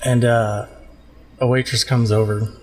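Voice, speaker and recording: A man running a tabletop game as game master, narrating in a relaxed, giggly way. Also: medium pitch, unhurried, big-room sound.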